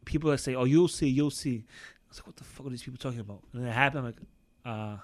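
A man's voice: mid-range voice, quick pace. A man, a podcast guest chatting casually, swearing a lot and laughing through his stories. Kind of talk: casual chat.

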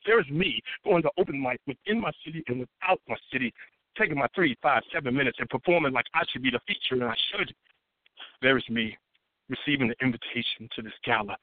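Male spoken word poet: rhythmic, dramatic, mid-pitched, on a tinny, dry phone-like line. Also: lively intonation, a little fast, no echo. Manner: rhythmic, dramatic delivery with swelling emphasis. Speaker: guest poet. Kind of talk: spoken word poetry performance.

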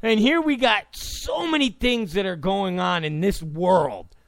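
A man's voice: high voice, animated, unhurried, gravelly, a bit bright, no echo. A man giving a heated political rant, repeating his points with sarcastic asides. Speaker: political commentator.

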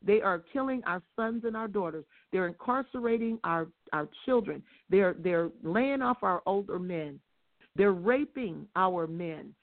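A woman teaching on a religious talk show, emphatic and fond of rhetorical questions, with her stresses rising close to shouting. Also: mid-range voice, animated, measured pace. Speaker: guest speaker. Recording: tinny phone line.

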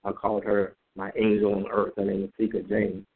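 A man telling his personal story in a halting, conversational way, with many fillers and repeated words. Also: lowish voice, monotone, breathy edge. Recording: phone-like narrow band.

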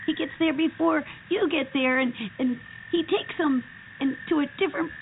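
A woman's voice: high voice, fairly even intonation, normal speed. A woman playing Betty, a nervous, snack-loving friend who frets constantly, heard on a tinny, hissy radio recording. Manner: anxious, fretful chatter.

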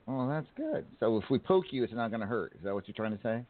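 A man's voice: medium pitch, very animated, fast. A man hosting a casual late-night radio talk show, with loose, rambling patter. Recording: phone-like narrow band.

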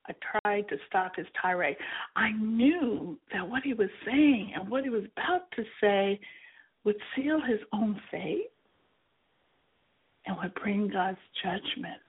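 A woman reading her own memoir aloud in an earnest storytelling manner, with a husky voice and tinny phone-like sound. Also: mid-range voice, unhurried. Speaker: author reading her book.

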